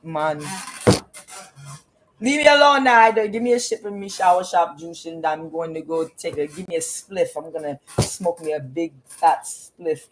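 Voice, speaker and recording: Put-on voice: broke Rasta man with a mock Jamaican accent, slow and grumbling, curses a lot, mid pitch, faint noise behind. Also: lightly acted, rough recording. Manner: slow, mumbling, cursing complaints. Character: broke male Rasta street vendor, grumbling.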